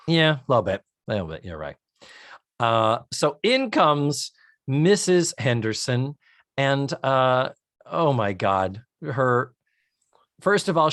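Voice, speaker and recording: This podcast co-host is an American man with a medium-pitched voice, captured in a dry, clean studio recording. He describes a TV episode in detail, animated and enthusiastic in a casual way.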